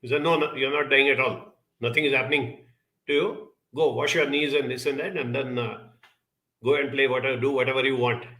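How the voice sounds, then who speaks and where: A man giving a reflective self-help talk, telling a childhood story in an unhurried way and acting out the people he quotes. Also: mid-range voice, low-quality recording. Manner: storytelling, quoting others in lively voices; unhurried, spoken as if to listeners.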